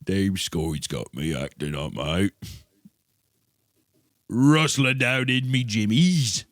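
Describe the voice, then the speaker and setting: A man's voice: on the low side, no room sound, clean studio sound. A man putting on a cheeky Scottish lad, stretching each word out in an exaggerated accent. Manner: slow, drawn-out, exaggerated.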